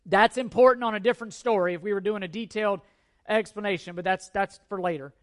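High-voiced man teaching a sermon. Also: quick pace, a bit bright. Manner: earnest, emphatic, repeats key points and asks rhetorical questions. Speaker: pastor.

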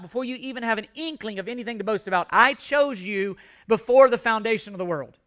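A male pastor delivers a sermon with emphatic, repeated phrases and frequent restarts. His voice sits very high for a man. The tone is bright and forceful. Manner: emphatic preaching with repetitions and restarts.

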